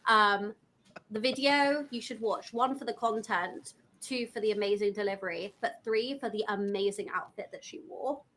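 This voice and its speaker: A woman's voice: mid-range voice, normal speed, fairly bright tone, a little hiss or hum, low-quality recording. A woman co-hosting a live podcast, chatting casually and upbeat with a few fillers. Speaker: podcast co-host. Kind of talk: casual panel chat. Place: live podcast recording at a conference.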